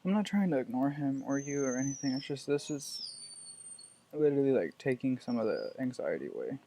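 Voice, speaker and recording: A man, chatting casually on his vlog at home while cooing to his dog in soft baby talk. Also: medium pitch, sing-song, fairly quick, gravelly, slight background noise. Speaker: vlogger.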